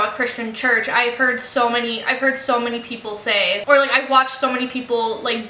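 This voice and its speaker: A young woman gives a chatty, earnest film review, her voice high and bright. She fills her talk with casual fillers, and the recording has a noticeable roomy echo. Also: a little hiss or hum. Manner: chatty, earnest, many "like" and "you know" fillers. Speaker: movie reaction vlogger.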